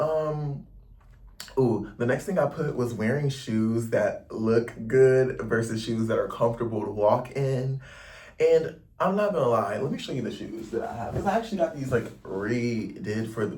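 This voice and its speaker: A man's voice: mid-range voice, lively intonation, moderate pace, a little mellow, distant mic. Chatty young American man vlogging. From United States. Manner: chatty, rambling, slangy, lots of "like". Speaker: travel vlogger. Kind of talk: casual vlog talk to camera. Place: indoors in a Paris lodging.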